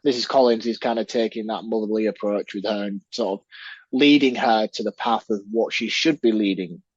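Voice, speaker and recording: A man's voice: fairly low pitch, brisk, breathy edge, dry recording. A man co-hosting a podcast, talking bluntly in casual chat about a film. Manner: blunt, animated rants then apologises. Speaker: podcast co-host. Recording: dry, dull lo-fi sound.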